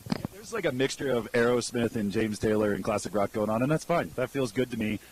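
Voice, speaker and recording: A man's voice: medium pitch, expressive, brisk, background noise. A man co-commentating a live freeride ski event in a laid-back, casual way with lots of fillers.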